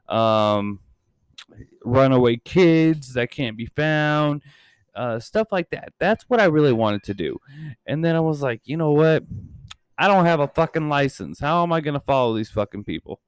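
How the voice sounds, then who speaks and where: A man's voice: mid-range voice, smooth, dry recording. A man in his thirties hosting his own podcast channel, chatting casually in a rambling way and swearing constantly. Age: 30s. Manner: rambling and heavily profane. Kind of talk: casual chat.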